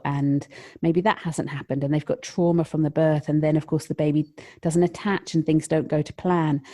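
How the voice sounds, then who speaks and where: A woman working as a lactation consultant, talking on a podcast in a heartfelt, emotional way and sometimes dropping to a soft whisper. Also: low-pitched. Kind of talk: podcast conversation.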